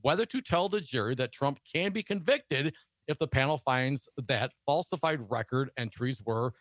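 A man's voice: medium pitch, lively intonation, normal speed, fairly bright tone, no room sound. A man co-hosting a political talk show, reading news stories aloud and adding sarcastic asides.

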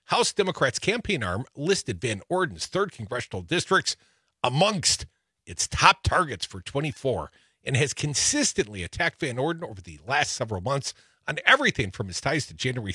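A man's voice: medium pitch, huge pitch swings, moderate pace, sharp tone, slightly rough, no room sound, clean studio sound. A man from Wisconsin co-hosting a political talk radio show, running through the news with wry, teasing asides.

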